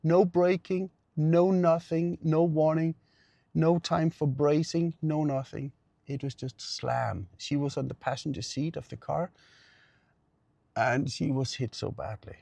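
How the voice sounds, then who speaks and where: A man's voice: a little high, unhurried, vocal fry, dark tone, dry recording. A middle-aged man, a pain therapist, earnestly telling a client's story and repeating phrases for emphasis. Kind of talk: personal storytelling.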